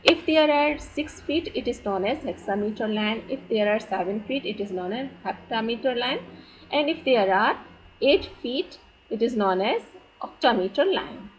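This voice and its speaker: A woman teaching poetic meter from slides, speaking slowly and deliberately and leaning on key terms. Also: on the high side, animated, low-quality recording. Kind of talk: slide lecture on poetry.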